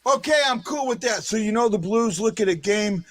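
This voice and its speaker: A man hosting a live fan show, excitable and given to shouting and chanting. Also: high-pitched, normal speed. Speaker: host of a fan livestream show.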